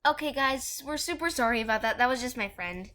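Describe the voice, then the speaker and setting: Young woman, high voice, bright tone, rambling casual gaming chat, lots of ums. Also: lively intonation, fairly quick. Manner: giggly and rambling, lots of fillers. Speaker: gaming video co-host. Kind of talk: casual chat while playing.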